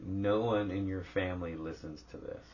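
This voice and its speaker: A man co-hosting a casual podcast, teasing his co-host in an animated way. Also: low voice, normal speed. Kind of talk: casual chat. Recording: dull lo-fi podcast audio.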